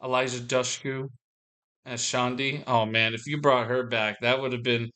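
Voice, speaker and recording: A man's voice: medium pitch, flat delivery, moderate pace, bright, forceful tone. Rambling young man vlogging. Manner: meandering, frequent restarts and swearing. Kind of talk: rambling casual monologue.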